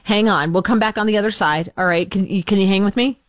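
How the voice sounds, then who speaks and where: A woman hosting a talk radio show, talking quickly in a chatty, exasperated way. She pokes fun at herself as she complains. Her voice sits dry and close with no room around it. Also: mid-range voice, no echo. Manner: chatty, exasperated, self-deprecating.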